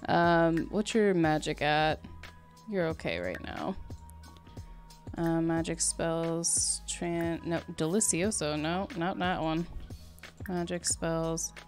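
A woman's voice: fairly low pitch, smooth. A woman giving casual, chatty commentary over her life-sim game, talking to her characters and laughing often. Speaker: gameplay streamer.

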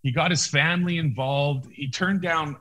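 With a slightly high voice at normal speed, a male actor recounts a story as an interview guest on a video call. He's animated and casual, frequently starting sentences over and acting out what people said.

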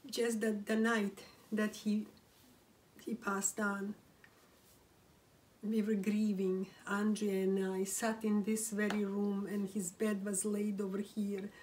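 Grieving woman speaking slowly, distant mic. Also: mid-range voice, flat delivery, a little mellow, slight background noise. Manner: halting, with frequent restarts and whispered phrases. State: grieving, close to tears. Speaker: widow telling a personal story. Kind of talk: emotional first-person storytelling. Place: room at home, seated.

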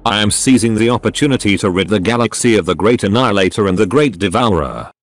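Brief: a synthetic man reads a formal, menacing machine sorcerer in a storybook tale, low and lively in pitch. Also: quick pace, lightly acted. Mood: cold. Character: cold ancient male robot sorcerer, scheming.

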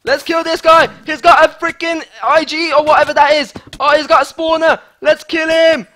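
A man giving excitable live gameplay commentary as a gaming YouTuber, hyped and repeating himself. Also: very high-pitched, normal speed.

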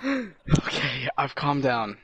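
A man's voice: medium pitch, very animated, takes it slowly, bright, forceful tone, husky. A young man gaming with a friend, laughing and defending himself in casual banter. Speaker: gaming teammate.

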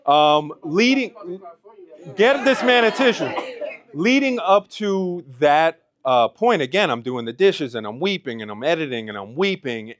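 A man's voice: mid-range voice, no echo. A man in his thirties tells his personal story to an audience at a business event. His voice sits in a middle register and is caught close and dry. He is emotional and holds back tears between his phrases. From Pennsylvania. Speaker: speaker. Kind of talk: personal testimony speech. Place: event hall.

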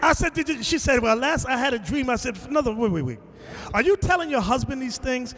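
A man preaching to a class, telling a story with lively acted-out quotes and bursts of shouting. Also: very high-pitched, a little fast, in a large hall. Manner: animated storytelling, acting out quotes, shouting at times. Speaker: teacher. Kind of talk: sermon.

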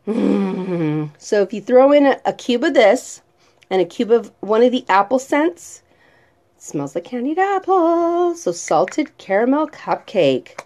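A woman's voice: mid-range voice, expressive, measured pace, a little mellow. A woman vlogger chatting casually about her favorite products and reading their descriptions aloud. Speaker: vlogger reviewing home fragrance products. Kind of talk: casual chat.

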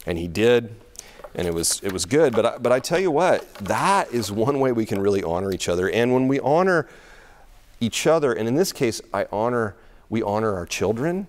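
Middle-aged guy pastor, lowish voice, chatty sermon w/ lots of little laughs and restarts. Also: expressive, moderate pace. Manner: conversational, laughs often, repeats words while thinking. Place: church.

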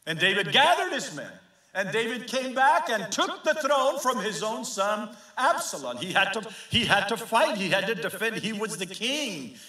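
A man pastor preaching an impassioned sermon, swinging between hushed and fervent passages. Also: high voice, big pitch swings, normal speed. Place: church sanctuary. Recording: echoey church sanctuary.

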